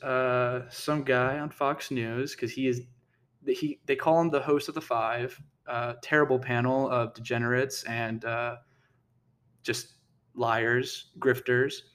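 A man delivering a casual commentary rant in a middle-pitched voice. He sounds heated and indignant throughout, tripping over his words and restarting sentences as he argues. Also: fairly bright tone. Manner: heated, indignant, repeats himself and restarts often. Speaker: political commentator.

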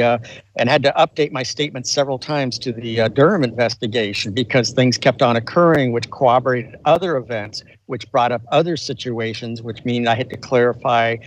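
An older American man, a retired colonel and author appearing as a guest, tells a story in an interview with intensity and emphasis, frequently restarting his sentences. His voice is mid-range, and the poor audio carries slight background noise.

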